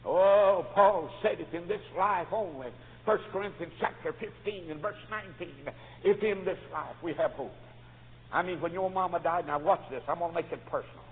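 A preacher delivering a revival sermon, swinging from hushed storytelling to loud fervent shouts. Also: male voice, sits high, normal speed. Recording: tinny lo-fi recording in a reverberant church.

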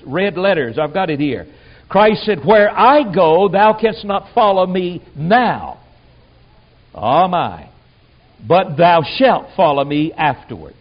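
A preacher gives a folksy, emphatic sermon, acting out the people he quotes. His high voice swoops up and down across a lively range, and the recording is dull and lo-fi.

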